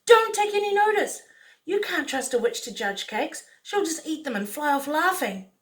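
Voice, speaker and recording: A woman's voice: high-pitched, very animated, moderate pace, far from the mic, voice pushed up. A woman voicing an earnest, brave little boy who speaks with urgent sincerity.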